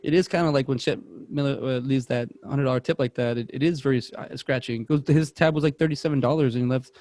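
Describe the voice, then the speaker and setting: A man's voice: medium pitch, steady tone, fast talker, darkish tone, no echo. A young man, co-host of a podcast, telling rambling stories in casual chat and acting out the voices of people he quotes. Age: young adult.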